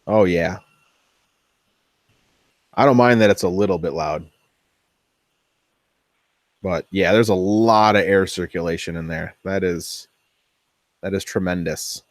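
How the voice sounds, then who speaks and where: A man narrating his own workshop build in a casual, chatty vlog. He talks slowly in a lowish voice and thinks aloud as he goes. The sound is dry and close. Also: no echo. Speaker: 3D printing hobbyist host.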